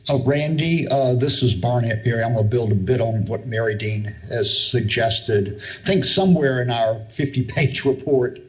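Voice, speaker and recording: A man presenting a report at a public meeting, speaking deliberately and haltingly with many fillers. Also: mid-range voice, low-quality recording. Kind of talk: formal meeting discussion.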